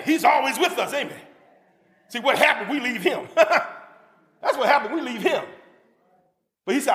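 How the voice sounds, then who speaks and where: A man preaching a sermon to a congregation, fervent, breaking into shouts and calling for amens. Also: extremely high pitch, sing-song, normal speed. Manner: fervent, with shouted bursts and call-and-response to the congregation. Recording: long reverb of a church hall.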